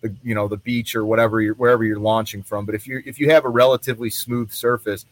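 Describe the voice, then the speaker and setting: A man's voice: on the low side, steady tone, quick pace, no echo. A man from a gear company chatting casually, repeating and restarting his phrases. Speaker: company representative. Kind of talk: casual chat.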